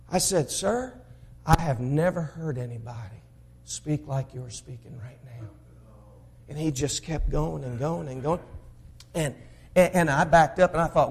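A man from Mississippi with a broad Southern accent preaches with fervor, his voice sitting high for a man. He tells stories from the pulpit, swinging from ringing exclamations down to hushed asides. He sounds middle-aged. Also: lively intonation, normal speed, slightly rough. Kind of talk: sermon.

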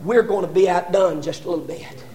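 An older man preaching a sermon, impassioned and often rising to shouts, with stammered repetitions as he builds. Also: sits high, brisk.

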